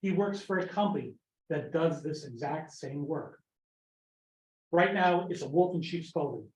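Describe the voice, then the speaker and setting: A man's voice: fairly high pitch, measured pace, a little mellow. Blunt man in his fifties at a meeting. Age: 50s. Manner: blunt, scornful. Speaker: resident speaking at public comment. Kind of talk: public comment at town meeting. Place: town meeting room. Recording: echoey room, dull lo-fi sound.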